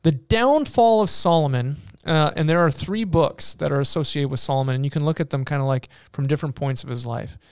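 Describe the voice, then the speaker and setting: Smooth-voiced man retelling Bible stories. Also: fairly high pitch, brisk, few pauses, dry recording. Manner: animated, frequent fillers and restarts, playful asides.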